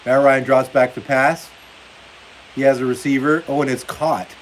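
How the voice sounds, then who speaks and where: A livestream host chats casually while hosting a football stream, reading viewer comments aloud and laughing often. His mid-range voice holds a level tone at normal speed. The recording is low quality, with a faint hiss behind him.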